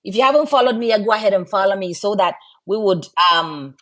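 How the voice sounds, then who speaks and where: Brief: woman live-stream host, mid-pitched, chatty and encouraging, a mum talking to viewers. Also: lively intonation, fast talker, fairly bright tone. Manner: chatty and encouraging, often tags "right?". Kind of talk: casual live-stream chat.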